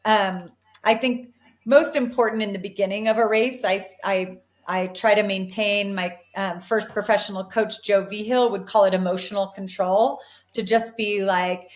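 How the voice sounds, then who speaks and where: A woman in her forties, an elite distance runner, giving earnest, upbeat answers in an interview, often restarting her sentences. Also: mid-range voice. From United States. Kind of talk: reflective interview talk.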